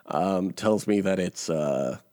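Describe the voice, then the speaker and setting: A man's voice: low voice, slow, darkish tone, no echo, clean studio sound. A male podcast co-host in casual chat, wry and laughing often, trailing off with ums as he recaps a reality show.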